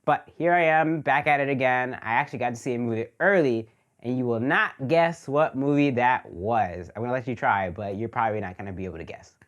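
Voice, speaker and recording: Man, casual movie review, chatty, joking, filler-heavy, mid-pitched voice. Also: fairly quick, a bit bright. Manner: chatty, jokey, lots of fillers like "like". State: recovering from illness.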